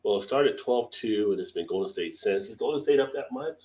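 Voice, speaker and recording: A man's voice: on the low side, animated, fairly quick, a little mellow, low-quality recording. Chatty man hosting a live stream. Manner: chatty, reads viewer comments aloud, laughs often. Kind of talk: casual live stream chat.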